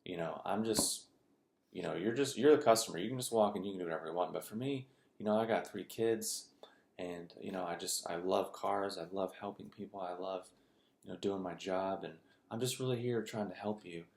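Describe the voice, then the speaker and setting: A man voicing a male car salesman who pleads in a hushed voice to guilt a customer. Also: low-pitched, a little fast, creaky. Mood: pleading. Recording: echoey room.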